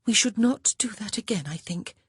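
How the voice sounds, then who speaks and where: Steady protective elder sister, read by a woman; raised, lively, slightly husky voice, audiobook. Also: medium pitch, normal speed, dry recording, clean studio sound, pitched above the performer's own voice. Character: composed young gentlewoman, protective elder sister.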